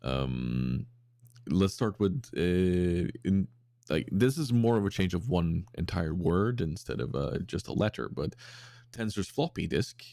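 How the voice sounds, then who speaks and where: A man's voice: sits low, sing-song, a little slow, creaky, warm tone, no echo, clean studio sound. A man co-hosting a podcast in casual chat, reading out listener submissions with lots of fillers and restarts. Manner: rambling with many fillers, breaks into silly voices.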